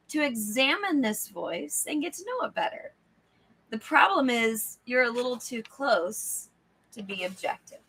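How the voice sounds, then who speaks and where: Animated woman reading aloud, high and bright. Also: husky. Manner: animated, acts out the inner voice, laughs often; casual, checks in with listeners. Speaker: book club host reading aloud. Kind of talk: live book club reading with chat asides.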